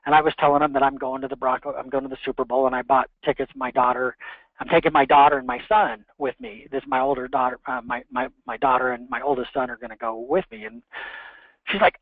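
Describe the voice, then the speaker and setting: A man's voice: medium pitch, fairly quick, dry recording. A middle-aged man on a coaching conference call, telling a personal story in a rambling, heartfelt way with many restarts. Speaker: mortgage professional on a coaching call. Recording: tinny phone line, dry.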